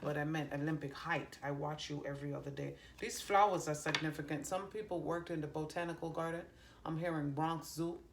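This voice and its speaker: A woman reads cards as a medium, stopping often with ums and half-started phrases. Her voice sits low and has a gravelly fry. A faint hiss stays under it the whole time. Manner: halting, many ums and restarts, relays heard messages. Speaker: psychic medium giving a card reading. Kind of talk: channeled reading to viewers. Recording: faint background noise.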